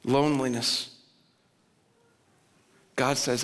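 A man preaching a sermon as pastor, swinging between loud urgent pleading and low, quiet emphasis. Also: moderate pace. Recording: long reverb of a large hall.

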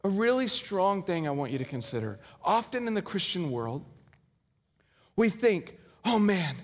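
A male pastor preaching a sermon, telling a story with dramatic swings between loud and hushed delivery. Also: high-pitched, big pitch swings, normal speed. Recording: hall reverb.

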